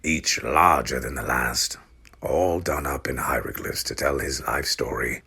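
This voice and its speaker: A man voicing a mysterious old male guide who mostly talks in hushed, urgent whispers, for an audiobook reading. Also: a bass voice, unhurried, vocal fry, slightly rough, heavily acted.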